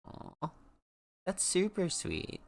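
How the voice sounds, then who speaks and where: Slow, gushing streamer with a lively voice. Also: medium pitch, vocal fry, slight background noise. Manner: gushing, drawn-out exclamations; talks to pets in a cooing voice. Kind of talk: casual chat with viewers.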